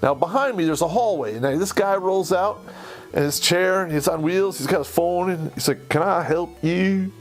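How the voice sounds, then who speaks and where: A man, an army veteran, telling a story of his own service in a heated, profane, animated way. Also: high voice, normal speed, faint music behind. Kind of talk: casual storytelling.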